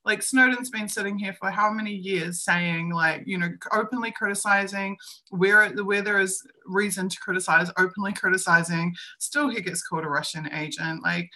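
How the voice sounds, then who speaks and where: A woman's voice: medium pitch, pushed and bright. A woman co-hosting a live-streamed discussion, speaking emphatically and acting out other people's lines as she argues her views. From New Zealand. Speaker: co-host.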